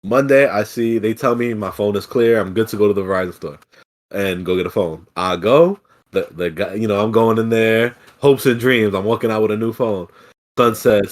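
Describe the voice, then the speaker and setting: Animated, profane young man ranting. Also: on the low side, normal speed. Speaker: podcast host. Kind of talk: casual storytelling chat.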